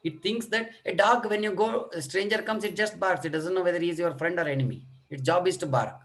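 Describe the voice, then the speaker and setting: A man's voice: high-pitched, brisk, a bit bright. A middle-aged man lecturing on children's coughs in an online medical workshop, demonstrating coughs and talking with many fillers. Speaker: pediatric lecturer.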